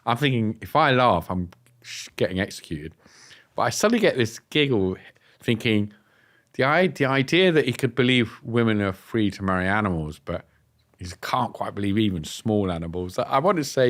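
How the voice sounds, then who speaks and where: A man from England telling a personal story on a podcast, animated and acting out the dialogue. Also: on the low side, moderate pace. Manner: animated, acts out quoted dialogue. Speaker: guest telling his story. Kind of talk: casual storytelling. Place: podcast studio.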